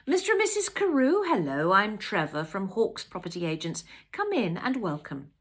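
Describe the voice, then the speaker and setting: An eager young estate agent, all smooth patter and bright persuasion, put on by a woman reading a story. The voice rises high and lively as he sells. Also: normal speed. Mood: salesy. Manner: polished sales patter.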